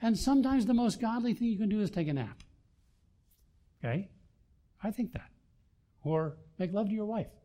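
An older man delivers a sermon with real earnestness. His voice sits a little high for a man, and it swings between forceful emphasis and hushed, personal asides. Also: moderate pace, pauses often. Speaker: pastor.

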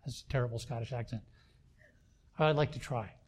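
An older man preaching a sermon, swinging between loud emphasis and quiet asides. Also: medium pitch, a little fast, slight background noise. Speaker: pastor.

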